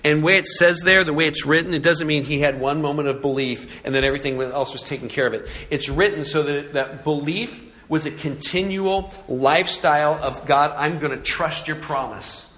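A man's voice: fairly high pitch, steady tone, a little fast, hardly any pauses, a bit bright. A man preaching a sermon in an earnest way, building intensity on key points and turning to prayer. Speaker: pastor.

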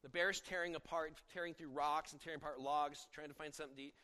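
A man's voice: a little high, steady tone, quick pace, sharp tone. A middle-aged man preaching a sermon as a pastor, talking conversationally and telling stories, often breaking off and restarting mid-sentence. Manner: conversational, storytelling, self-interrupting. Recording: long hall reverb.

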